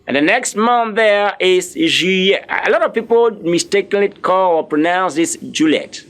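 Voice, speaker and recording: A man teaching French, drilling words slowly, spelling them letter by letter and encouraging his learners. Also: high-pitched, fairly bright tone. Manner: encouraging, speaks directly to learners. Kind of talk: live online language lesson.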